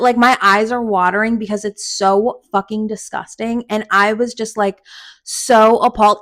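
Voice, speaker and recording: A young adult woman hosting a podcast, telling a personal story in a casual, animated way and swearing freely. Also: on the high side. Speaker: podcast host.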